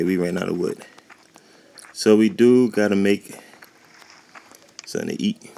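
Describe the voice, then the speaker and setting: A man with a low, deep voice talks casually over a game, rambling and often losing his thread. His voice has a gravelly, creaky edge. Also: darkish tone, slight background noise. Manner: rambling, chatty, loses his train of thought. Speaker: gaming YouTuber. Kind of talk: casual gameplay commentary. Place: warm indoor room at home.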